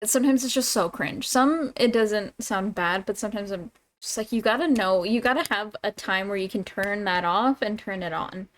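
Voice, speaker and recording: A woman from Toronto, a streamer, chatting casually and excitedly as she reacts, laughing and exclaiming often. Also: medium pitch, moderate pace, few pauses. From Toronto, Canada. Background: song playing quietly.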